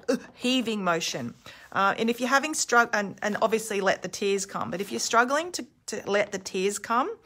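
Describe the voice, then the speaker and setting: Woman in her thirties, casual coach, candid and chatty, bright tone, mid pitch. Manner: chatty, candid, demonstrates screams and sounds aloud. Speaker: emotional release coach. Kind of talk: casual instructional talk. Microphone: phone held in hand.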